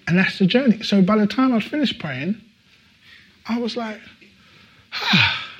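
Husky guy preaching at a sunday service, lively and emphatic, repeats himself a lot. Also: high-pitched, measured pace, poor audio. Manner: animated, emphatic preaching with repetitions and laughs. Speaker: pastor. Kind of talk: sermon. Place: church service.

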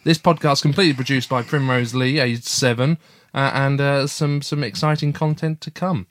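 A father hosts a casual family podcast from his garden shed office, speaking at medium pitch with a steady tone and moderate pace. He's chatty, encouraging and gently teasing as he prompts his young daughter. There's no echo.

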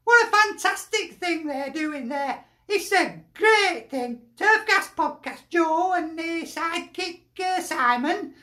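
Slow, high-voiced Lancashire woman in an echoey room. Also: animated, bright, forceful tone. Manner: chatty, jokey, laughs often, broad dialect. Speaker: fan sending in a video reaction. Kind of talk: casual fan reaction chat.

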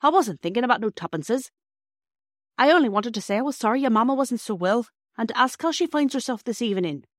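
A woman's voice: a little high, expressive, quick pace, dry recording, clean studio sound, pitched above the performer's own voice, natural voice. A woman voicing a kindly, plain-spoken adult male railway porter in a storybook reading. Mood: earnest kindly.

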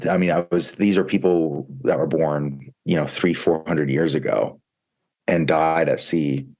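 Very deep, slow-talking man. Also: fairly even intonation, a little mellow. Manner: slow, reflective storytelling. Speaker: podcast co-host. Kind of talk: casual book discussion.

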